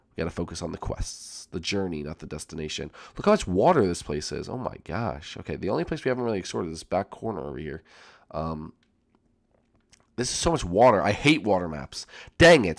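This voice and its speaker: A male gaming channel host gives excitable let's-play commentary, repeating himself and speaking directly to his viewers. His voice sits low and his pace is moderate.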